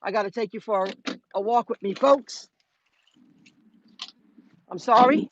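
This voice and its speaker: A woman's voice: fairly high pitch, a little slow, pauses often, dull audio, a little hiss or hum. A woman telling a story in a chatty, rambling way on a live stream, talking straight to her viewers from her car. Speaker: vlogger hosting a live stream. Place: in her car while driving.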